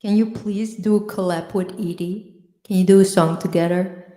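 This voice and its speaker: A woman's voice: mid-range voice, steady tone, moderate pace, dark tone. A woman co-hosting a casual chat, playful and giggly, sometimes breaking into song. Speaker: show co-host. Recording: echoey room with long reverb.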